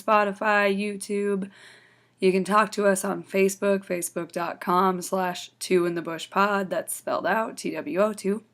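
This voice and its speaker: Female host, casual chat, teasing, swears freely, laughs easily. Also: medium pitch. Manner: teasing and profane, quick to laugh. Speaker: podcast host.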